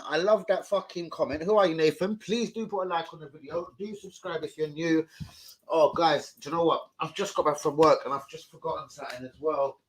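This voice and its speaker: A man's voice: fairly high pitch, slight background noise. A young man, swearing and rambling in casual slang as he chats on a live stream from home into his phone. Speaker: football fan streamer.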